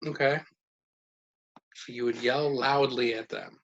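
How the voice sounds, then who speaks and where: A man's voice: medium pitch, steady tone, measured pace. A man leading a casual life-skills lesson at home with his children, asking questions and praising their answers. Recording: dull lo-fi sound with faint noise.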